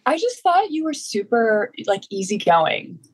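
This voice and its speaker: A young woman in her twenties, a podcast guest, telling stories in a relaxed, giggly chat. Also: fairly high pitch, unhurried, low-quality recording. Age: 20s. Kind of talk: casual chat.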